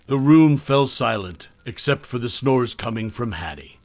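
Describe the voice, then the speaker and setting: A man reading a first-person horror story in steady, plain scripted narration on a close mic. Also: medium pitch, a little slow, dry recording.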